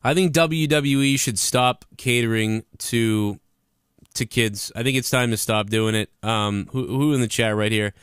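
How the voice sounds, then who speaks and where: A man's voice: mid-range voice, unhurried, fairly bright tone, smooth, dry recording, studio quality. A man giving heated, profane commentary on wrestling news in a vlog-style rant.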